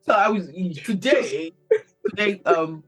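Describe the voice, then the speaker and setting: Podcast host, female, husky, animated, laughs easily; faint music bed. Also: mid-range voice, measured pace. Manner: animated, laughs often, repeats words. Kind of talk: casual podcast chat.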